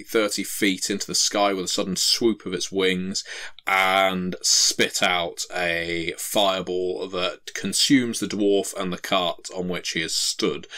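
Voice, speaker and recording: Low-voiced male game master. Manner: calm, measured narration. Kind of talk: narrating a tabletop game.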